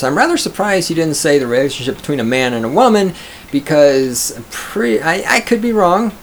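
A man's voice: fairly high pitch, sing-song, moderate pace, slight background noise. Profane, sarcastic male commentator. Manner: profane, sarcastic, mocks others in raised mimicking voices. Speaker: commentator reading and reacting to an article. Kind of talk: casual reaction commentary.

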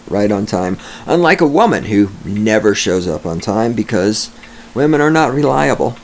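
A man's voice: on the low side, big pitch swings, normal speed, darkish tone, a little hiss or hum. A man hosting a solo podcast, ranting with sarcasm and heavy profanity, talking at his home microphone. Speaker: podcast host.

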